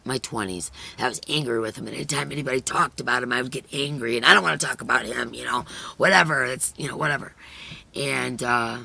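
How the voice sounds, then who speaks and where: A middle-aged woman hosting a crochet live stream, chatting earnestly and emotionally with viewers, her voice hoarse and fading. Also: very deep voice, fast talker, sharp tone. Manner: earnest and emotional, many "you know" fillers. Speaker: crochet channel host. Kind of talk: casual chat on a live stream, reading viewer comments.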